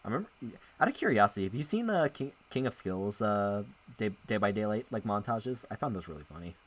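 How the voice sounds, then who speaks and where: A man's voice: fairly low pitch, very animated, quick pace, a bit bright. A man streaming as a VTuber, chatting casually with viewers as he plays and reads a visual novel, rambling and often interrupting himself. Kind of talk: casual live-stream chat while playing a visual novel.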